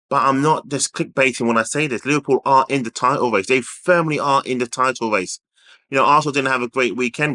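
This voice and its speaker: A man's voice: medium pitch, bright, forceful tone. A man hosting an unscripted football opinion vlog, emphatic and opinionated, repeating points for stress. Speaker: football channel host.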